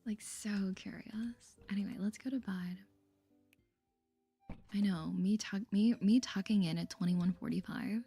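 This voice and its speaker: Husky whispering woman playing a game. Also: medium pitch, measured pace, soft background music. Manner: soft, chatty, easily amazed. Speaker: gaming channel host. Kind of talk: ASMR whispered game commentary.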